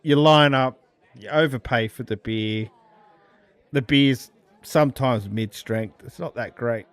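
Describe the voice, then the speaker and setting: Man, podcast co-host, relaxed storytelling, joking, video call. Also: mid-range voice, unhurried, dry recording. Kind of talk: casual pub chat.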